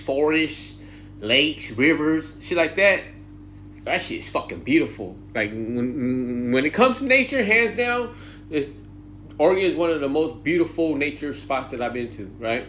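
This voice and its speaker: Streetwise man spinning a story, bright and lively delivery, faint hiss behind. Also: a little slow. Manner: animated, slangy, swearing, mimics high-pitched greetings. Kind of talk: casual storytelling monologue.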